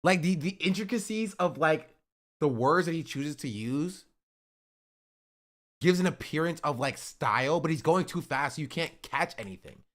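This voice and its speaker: A man's voice: fairly high pitch, normal speed. A man casually commenting on a live stream, chatty and laughing often. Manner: chatty, laughs often, breaks into excited shouts. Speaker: streamer reacting to rap clips.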